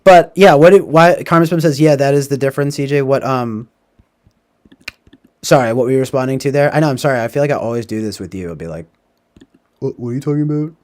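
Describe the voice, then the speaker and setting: A man's voice: medium pitch, quick pace, a little mellow. A man hosting a casual livestream, rambling and profane, tagging his thoughts with "like" and "right?". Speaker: livestream host. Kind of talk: casual livestream movie talk.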